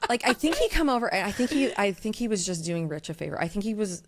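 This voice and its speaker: A woman from Iowa, a diamond dealer, telling a story in casual podcast chat, blunt, profane and fast-talking. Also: mid-range voice, animated, a little hiss or hum. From Iowa, USA.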